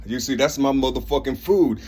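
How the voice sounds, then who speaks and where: A man's voice: medium pitch, a little fast, warm tone, husky. An older man talking to the camera in a rambling casual monologue, repeating "you see" and swearing a lot. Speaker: vlogger.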